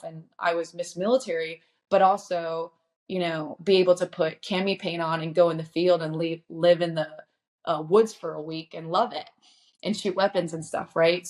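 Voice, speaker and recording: A young woman from Indiana, a guest on a podcast, telling her story in a chatty, upbeat way. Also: lowish voice. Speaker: guest, children's book author. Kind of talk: casual podcast interview.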